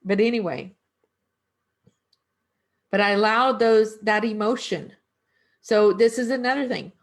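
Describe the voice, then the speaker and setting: A middle-aged woman energy worker talking casually and reflectively, asking her listeners questions. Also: medium pitch. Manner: reflective, slow, conversational with rhetorical questions. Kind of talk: casual spiritual talk.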